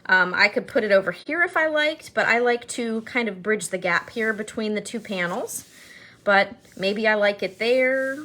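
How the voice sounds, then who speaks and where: Working through a card-making demo in her home craft studio, a middle-aged woman keeps up cheerful, joking chatter as casual tutorial narration. She speaks at a moderate pace in an animated, medium-pitched voice with a sharp tone.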